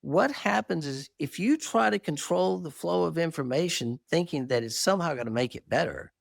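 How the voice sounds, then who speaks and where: This middle-aged marriage therapist gives an earnest, animated interview about his own story, often poking fun at himself. His gravelly voice leans high at a moderate pace, recorded clean in a studio without echo.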